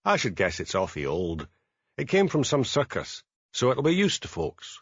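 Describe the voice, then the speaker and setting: A man playing a steady Highland police sergeant with a Scottish Highland accent in an audiobook, calm and dry. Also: moderate pace, slightly rough, no room sound, lo-fi sound, exaggerated voice. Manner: calm, dry, gently commanding.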